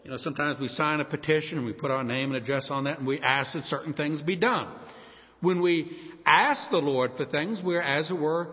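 A man preaching a sermon, emphatic, slowing down and lifting his voice on key words. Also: on the high side. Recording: dull sound with long hall reverb.

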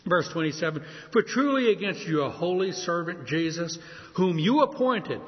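Male preacher, fairly high, husky voice with a lot of pitch movement; expository sermon in a reverberant hall, slightly muffled recording. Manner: expository, reads scripture aloud and explains it. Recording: echoey hall, dull lo-fi sound.

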